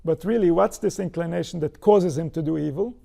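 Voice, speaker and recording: A man's voice: a little high, a little fast, vocal fry, mellow. A man giving a spiritual Torah lecture, posing rhetorical questions and answering them himself. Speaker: spiritual teacher.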